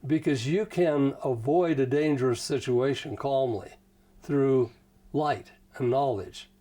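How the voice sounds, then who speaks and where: A male interview guest with a relaxed, mellow tone. He tells stories in a folksy, meandering way, dotting his talk with "you know". His pitch sits in an ordinary middle range. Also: slow. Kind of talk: casual conversational storytelling.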